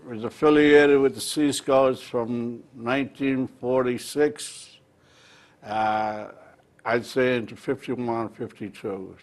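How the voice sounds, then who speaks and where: An older man with an Irish accent, recalling his seafaring youth in an interview and pausing often with "uh". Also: medium pitch. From Ireland. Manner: measured, with frequent "uh" pauses. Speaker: interview guest. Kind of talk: reminiscing in a local TV interview.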